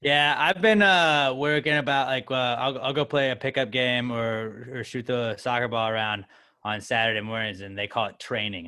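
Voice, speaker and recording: A man from the United States with a mid-range voice chats on a casual sports podcast. He rambles and gets animated, pokes fun at himself and swears casually. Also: mid-range voice, moderate pace, smooth, no room sound, clean studio sound. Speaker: podcast co-host. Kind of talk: casual chat.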